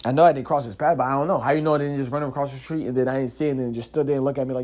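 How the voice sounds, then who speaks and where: A man hosting a casual solo podcast, telling stories in an animated, slangy way, cursing freely and filling his talk with "yo" and "like". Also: medium pitch, racing, few pauses. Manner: animated, slangy storytelling with frequent "yo" and "like"; curses freely. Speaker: podcast host.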